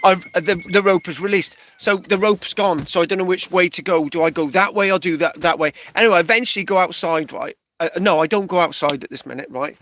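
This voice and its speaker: A man's voice: sits high, fast, hardly any pauses, fairly bright tone, no echo. A man telling a rambling comic story, stopping often with "right?" and restarting his phrases. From England. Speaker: stand-up storyteller.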